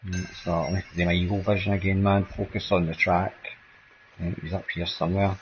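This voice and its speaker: A low, brisk Scottish voice comes through lo-fi sound with a little hiss or hum. The gameplay streamer rambles through casual chat while playing, finishing almost every sentence with "mate" or "man."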